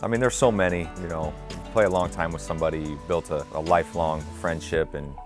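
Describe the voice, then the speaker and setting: A former teammate talking in a reflective interview, halting and full of fillers. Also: male voice, low voice, fairly even intonation, over music.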